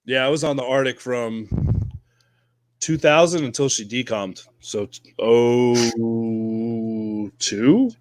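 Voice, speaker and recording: A man co-hosting a casual podcast, telling Navy stories in a profane, animated way and acting out shouted quotes. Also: medium pitch, slow, long pauses, no room sound. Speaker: podcast co-host, Navy veteran. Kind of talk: casual storytelling chat.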